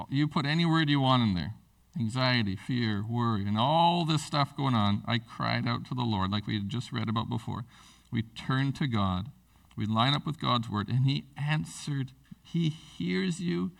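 A man preaching a sermon as pastor, earnest and lively, often restarting his words. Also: medium pitch, unhurried, vocal fry. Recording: voice from a distance from the mic.

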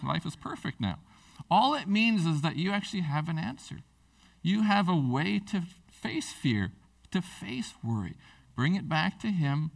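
A man preaching a sermon as pastor, earnest and lively, often restarting his words. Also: on the high side, creaky. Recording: voice from a distance from the mic.

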